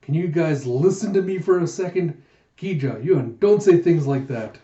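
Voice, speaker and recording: A gruff young bodyguard who is quick to get flustered, dry and low-key, voiced by a man reading aloud. The voice is mellow and slightly high, recorded in a roomy room with a dull, lo-fi edge. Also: expressive, natural voice. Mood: protesting.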